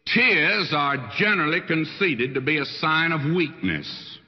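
An older man preaching a sermon as a pastor, telling stories in a folksy, animated way. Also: a little slow. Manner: folksy storytelling preacher with wide swings in pitch. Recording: dull lo-fi archival sermon recording with long hall reverb.

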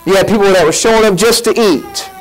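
A man preaching a sermon as pastor, folksy and animated, acting out quotes as he goes. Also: high-pitched, fast, poor audio. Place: church sanctuary.

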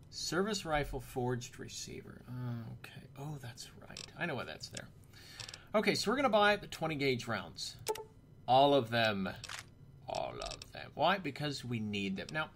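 Male gameplay commentator, chatty and joking, gravelly, very lively intonation. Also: mid-range voice, a little hiss or hum. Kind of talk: casual let's-play commentary.

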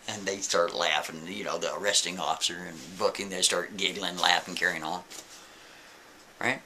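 A man telling a story in a lively, emphatic, casual way, talking straight to the listener. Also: sits low, moderate pace, a little hiss or hum.

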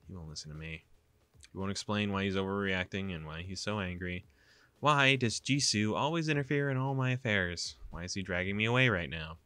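A man's voice: sits low, a little fast, sharp tone, smooth, no room sound. A young man reading a visual novel aloud, with casual, exasperated asides. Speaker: gaming YouTuber.

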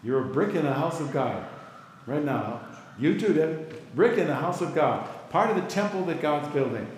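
A man's voice: a little high, animated, moderate pace, slight background noise. A middle-aged male pastor teaching a Bible class in a conversational way, stopping to ask the class for reactions. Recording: echoey hall with long reverb.

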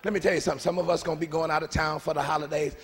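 A man preaching a lively sermon, talking with the congregation and swinging between shouted lines and hushed asides. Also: fairly high pitch, very fast, long reverb tail, slight background noise. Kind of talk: call-and-response sermon. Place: church sanctuary.

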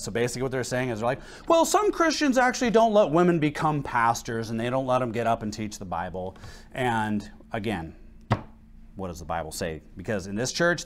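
A man preaching a church sermon as pastor, reading verses and mocking quoted voices with sudden emphatic rises. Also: medium pitch. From United States.

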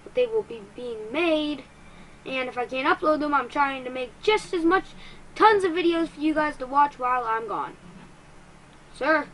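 A gaming YouTuber delivers excitable let's-play commentary, getting frustrated quickly and poking fun at herself. Her voice is high, and the rough recording carries slight background noise.

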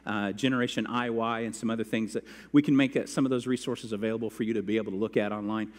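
A man's voice: on the low side, steady tone, fast talker, in a large hall. A man pastor preaching a sermon, telling stories and acting out quotes as he goes. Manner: storytelling with acted-out quotes. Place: church sanctuary.

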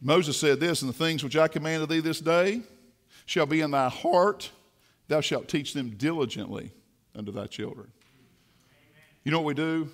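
A man preaching a sermon in a church, swinging from quiet asides to fiery shouting. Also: on the high side, moderate pace, long pauses. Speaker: pastor. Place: church sanctuary.

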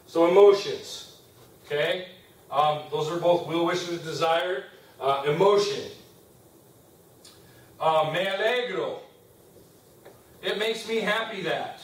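A man's voice: fairly high pitch, takes it slowly, long pauses. A man teaching a Spanish grammar class as a lecture, explaining step by step and often checking in with "okay?". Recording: roomy classroom sound from a distance.

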